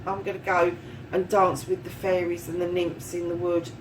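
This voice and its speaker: A woman's voice: fairly low pitch, little pitch movement, moderate pace, recorded from a distance, noisy background, voice pushed down, close to an everyday voice. A woman putting on the voice of a fed-up bear that swears bluntly and dismisses someone as it leaves. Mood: scornful.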